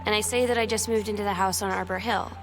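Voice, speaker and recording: A woman's voice: medium pitch, steady tone, quick pace, natural voice, rough recording. An actress voicing a teenage girl, new at school, telling a rueful story in dry, wry narration over game music. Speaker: game character's recorded journal. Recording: game audio with music underneath.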